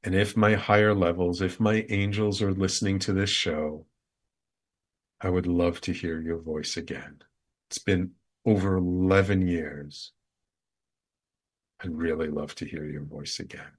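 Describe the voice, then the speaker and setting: Male host, heartfelt storyteller, earnest, slightly low voice. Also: steady tone, measured pace, pauses often. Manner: earnest, heartfelt, repetitive emphasis. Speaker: show host. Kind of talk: personal storytelling.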